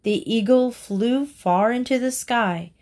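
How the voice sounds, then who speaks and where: Woman slowly reading fables aloud. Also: fairly high pitch, darkish tone. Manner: slow, deliberate reading aloud. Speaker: reader. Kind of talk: storybook narration.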